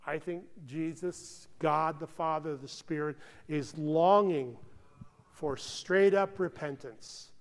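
A man preaching a sermon in an earnest, conversational way, often checking in with "okay?" and dropping to hushed tones. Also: on the high side, measured pace, in a large hall. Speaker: pastor.

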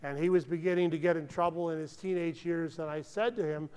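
Speaking briskly with fairly even intonation and a clean tone, an American pastor delivers an earnest, conversational sermon in a voice slightly high for a man. He keeps checking in with the congregation and goes almost hushed on solemn moments, and a large hall gives the sound a long reverb.

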